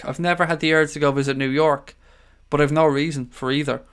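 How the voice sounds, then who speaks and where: A man's voice: fairly high pitch, steady tone, fairly quick, clear, resonant tone. A tired Irish man hosting a casual live stream, chatting loosely and reading out viewer comments. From Ireland. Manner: chatty, rambling, calls viewers mate. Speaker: livestream host.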